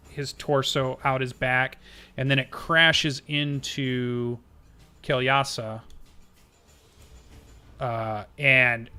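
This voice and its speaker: Bright-voiced man narrating a tabletop game. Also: mid-range voice, smooth. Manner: slow, halting narration with many fillers. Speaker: game master.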